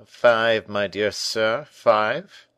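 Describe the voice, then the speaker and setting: A man's voice: lowish voice, expressive, no room sound. A man voicing a busy old tailor who answers curtly and insists he is pressed for time, in an audiobook reading. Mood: harried. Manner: brisk, insistent.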